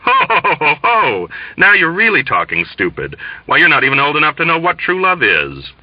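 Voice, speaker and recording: A man's voice: wildly swooping pitch, a little fast, no echo, highs cut off. A man voicing a jovial, pompous young male navigator who laughs condescendingly. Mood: patronizing. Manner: booming fake laugh, patronizing.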